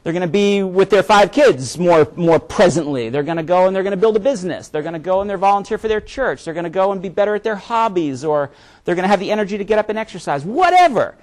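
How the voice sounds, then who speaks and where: Man presenter, somewhat high voice, casual live-talk delivery full of "right?" tags and word restarts. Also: expressive, quick pace. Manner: conversational, frequent "right?" tag questions; repeats words when restarting.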